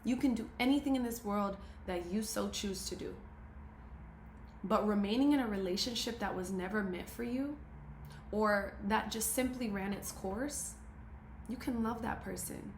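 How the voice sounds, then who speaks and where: A woman's voice: mid-range voice, normal speed, slight background noise. Woman, motivational speaker to camera, emphatic and preachy, mid-range voice, roomy echoey recording. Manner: emphatic, preachy, repeats key phrases. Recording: roomy echo, faint ambience.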